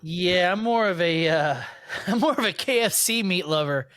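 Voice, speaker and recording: A man's voice: high-pitched, lively intonation, normal speed, a bit bright. A man co-hosting a podcast in casual chat, playful and always doing comic bits. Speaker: podcast co-host.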